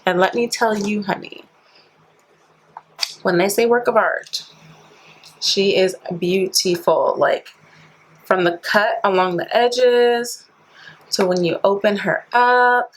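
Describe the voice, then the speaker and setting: A woman's voice: medium pitch, slow, long pauses, slight background noise, rough recording. A woman beauty vlogger chatting casually through a product review, filling her talk with "like" and playful slang. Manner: chatty, says "like" constantly; playful slang, calls viewers sis and honey.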